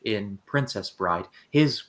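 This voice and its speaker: A man co-hosting a podcast, chatting casually and calmly about a movie like a film buff. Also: lowish voice, takes it slowly. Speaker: podcast co-host. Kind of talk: casual movie review chat.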